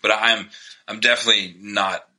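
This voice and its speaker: Low, bright-toned man, rambling. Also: little pitch movement, moderate pace, rough recording. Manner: rambling, self-interrupting storyteller. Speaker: comedian. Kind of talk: casual podcast chat.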